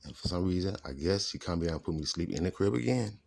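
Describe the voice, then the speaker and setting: A man with a very low, husky voice tells his own story in a casual monologue. He rambles, drifts between thoughts and often restarts his sentences. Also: lively intonation, fast, a little mellow. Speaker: vlogger telling his life story.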